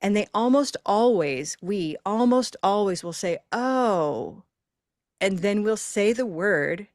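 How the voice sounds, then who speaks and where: A woman's voice: medium pitch, unhurried, darkish tone, dry recording, studio quality. A woman hosting a live online pronunciation class, talking in an upbeat, encouraging and chatty way through a computer microphone.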